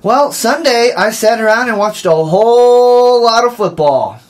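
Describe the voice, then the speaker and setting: A young man hosting a college sports radio show from a small campus office, energetic and quick to laugh. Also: very high voice. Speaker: host.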